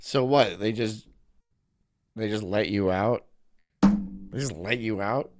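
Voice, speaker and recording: A man's voice: lowish voice, takes it slowly, faint music behind. A man streaming in casual chat, ranting in an incredulous, profane way.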